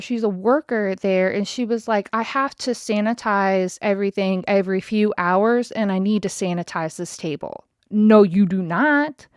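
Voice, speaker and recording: A woman's voice: mid-range voice, a little mellow, dry recording, clean studio sound. A woman in her thirties hosting a podcast, telling a story in a casual, profane, exasperated rant. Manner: profane, exasperated, talks straight to listeners. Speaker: podcast host.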